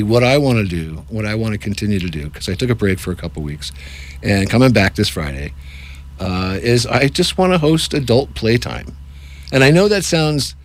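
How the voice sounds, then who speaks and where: A man who runs improv workshops, talking in a casual, jokey interview with animated asides. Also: on the low side. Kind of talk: casual radio-style interview.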